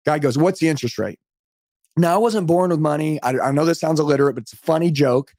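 Fired-up middle-aged guy on a podcast call, rapid fire talk, dry close sound. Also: on the high side, a little mellow, dry recording. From United States. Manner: fervent, motivational, emphatic. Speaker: podcast guest, sales trainer. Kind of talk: energetic storytelling on a podcast call. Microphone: remote call.

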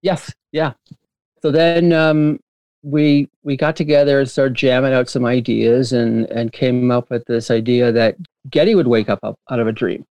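A man telling stories as a guest in an interview, rambling and animated with frequent laughter and restarts. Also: mid-range voice, moderate pace, no echo. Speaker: filmmaker guest. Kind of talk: casual interview storytelling.

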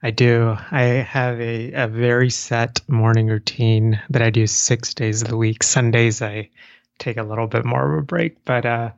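A man's voice: mid-range voice, level tone, moderate pace, vocal fry, no echo. Earnest male podcast guest, dull sound. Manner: earnest, restarts often, laughs lightly. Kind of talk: casual interview chat.

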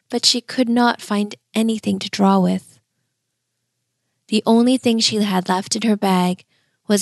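A woman narrating a bedtime fairy tale in a gentle, measured way. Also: mid-range voice, gravelly, dry recording, studio quality. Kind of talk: storybook narration.

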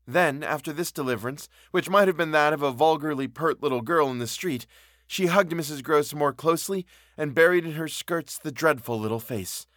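A man narrating a classic novel in a measured, expressive reading. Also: fairly high pitch, no room sound, clean studio sound. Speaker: audiobook narrator.

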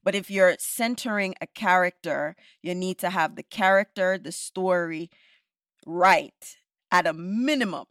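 A woman, a podcast host giving animated, opinionated views in casual discussion, often ending points with "right?". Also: lowish voice, a little slow, no echo, clean studio sound.

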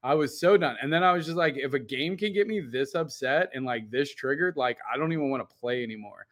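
A man co-hosting a podcast in casual chat, telling a long animated story full of "like" and casual swearing. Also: mid-range voice, fairly quick. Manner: animated, rambling storyteller with lots of "like". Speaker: podcast co-host.

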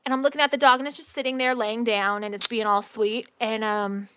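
Profane, animated woman telling a story. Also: fairly high pitch, fairly quick, clean tone, dry recording. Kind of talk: casual chat.

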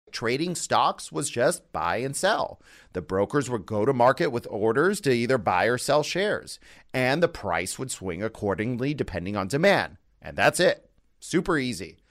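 A man hosting a podcast, reading a scripted opening in a conversational way with playful asides. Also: mid-range voice. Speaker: podcast host.

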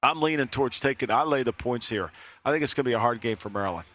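A man's voice: medium pitch, fast talker, a bit bright, highs cut off. A man giving college football betting picks on a talk show, hedging and often repeating words as he starts a thought.

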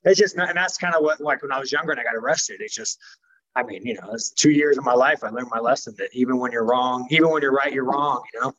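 A man's voice: medium pitch, fast talker, a bit bright, muffled recording. A man speaking as a professional fighter in a casual interview, blunt and profane, rambling with many fillers.

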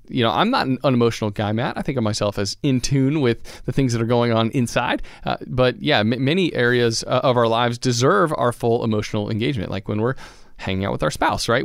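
A man's voice: mid-range voice, gravelly, no echo, studio quality. Earnest, reflective male podcast co-host. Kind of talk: casual chat.

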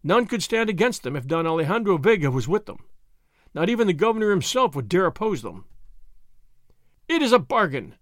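A man narrates an adventure audiobook with clear, expressive storytelling. His voice sits high and moves widely in pitch. The recording is dry and close. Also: fast, dry recording.

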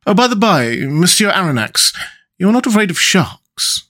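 A man doing a mysterious sea captain, calm and sure of himself. He makes offers in a courteous, offhand tone, voice set a little above the narration, as in a storybook adventure. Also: high-pitched, normal speed, pitched above the performer's own voice, full character voice. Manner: courteous, careless assurance. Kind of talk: audiobook character reading.

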